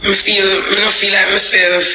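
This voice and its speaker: A man's voice: sits high, flat delivery, moderate pace, echoey room, heavy background noise. A man with a Jamaican accent, talking to his live-stream viewers in Patois in a rambling, confessional way.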